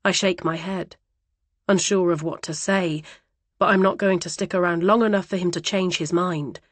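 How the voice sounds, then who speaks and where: A woman's voice: fairly low pitch, steady tone, normal speed, dry recording. A woman narrating a first-person thriller audiobook in a dramatic, vivid way.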